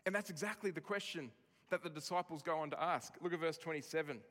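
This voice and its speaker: A man preaching a sermon with a fairly high voice, expressive and varied. He drops soft on tender lines and lifts his voice to stress a point. A long hall reverb trails behind his words. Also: fast talker. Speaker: pastor.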